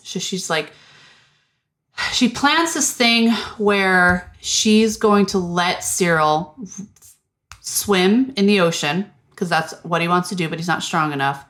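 A woman hosting a podcast in casual chat, animated and profane, laughing often and acting out lines. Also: fairly low pitch, slow. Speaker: podcast host.

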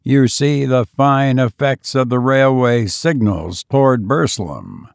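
A man's voice: mid-range voice, expressive, slow pace, creaky, clear, resonant tone, no echo, clean studio sound. A man voicing a brooding, menacing ironworks master in a storybook reading, talking on and on with grim relish. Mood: expansive. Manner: loquacious, showing off with grim relish.

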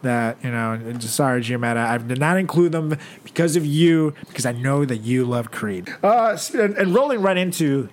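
A man's voice: mid-range voice, animated, normal speed, hardly any pauses, slight background noise. A young man co-hosting a comedy podcast, joking casually and stumbling over his words as he riffs. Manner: joking, stammering, does voices. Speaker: podcast co-host.

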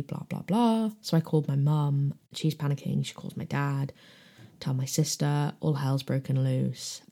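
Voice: mid-range voice, gravelly, mellow. A young adult with a British accent telling a personal story frankly and at length, acting out the lines of other people. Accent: British English. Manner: rambling, frank, acts out quoted dialogue.

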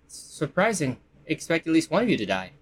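A man's voice: on the high side, big pitch swings, brisk, a little hiss or hum, voice pushed up. A man voicing a haughty, condescending woman leader in a tabletop game.

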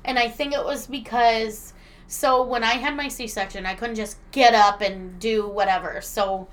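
A woman in her thirties talks in an easygoing chat, a little higher-pitched than most. She laughs often and swears freely, telling stories with animated energy. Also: measured pace. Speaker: podcast co-host. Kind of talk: casual chat, reading listener letters.

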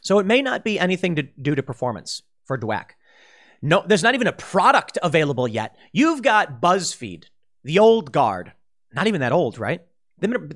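A man's voice: fairly high pitch, fairly bright tone. A man giving opinion commentary in an exasperated, combative ranting manner. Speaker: political commentator.

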